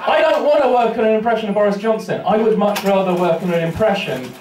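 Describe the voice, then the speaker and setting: A man's voice: high voice, lively intonation, quick pace, heavy background noise. Brash, sweary man doing stand-up. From England. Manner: brash, sweary, self-mocking. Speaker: stand-up comedian. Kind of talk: stand-up comedy set. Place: small pub comedy room with a live audience. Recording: roomy sound from a distant mic, audience reacting. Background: audience laughter.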